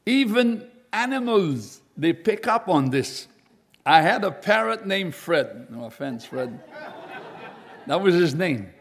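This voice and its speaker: A man preaching a sermon, reading scripture aloud and explaining it slowly and deliberately. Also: high-pitched, sing-song, slightly rough, some chatter behind.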